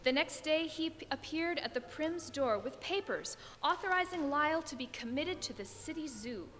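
A woman reading a children's story aloud, expressive and growing soft and low in the calm passages. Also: moderate pace, a little hiss or hum. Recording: long reverb with music behind.

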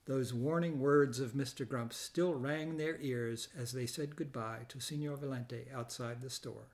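A man narrating a children's storybook in a gentle, measured way. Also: mid-range voice, steady tone. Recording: reading over loud background music.

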